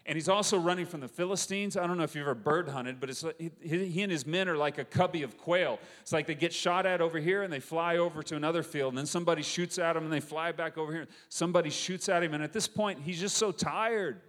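A man preaching a sermon, retelling a story with animated, conversational energy and acting out the quoted voices. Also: a little high, quick pace, hardly any pauses. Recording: long hall reverb.

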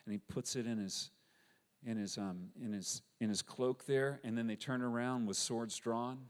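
A man preaching a sermon, retelling a story with animated, conversational energy and acting out the quoted voices. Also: medium pitch, normal speed. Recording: long hall reverb.

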